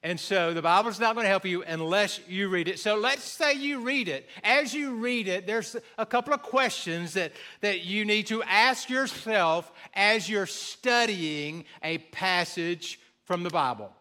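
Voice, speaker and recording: A man preaching a sermon to his congregation in a church, animated and joking with the listeners, slowing his words down to stress key points. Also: high-pitched. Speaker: pastor. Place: church sanctuary before a congregation.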